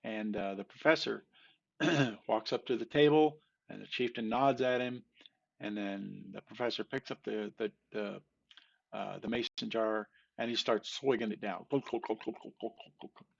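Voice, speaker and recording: A man's voice: lowish voice, fairly even intonation, moderate pace, gravelly, dull audio. A man telling a long joke in a casual, rambling way, with many fillers and restarts. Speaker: joke teller. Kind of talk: casual storytelling.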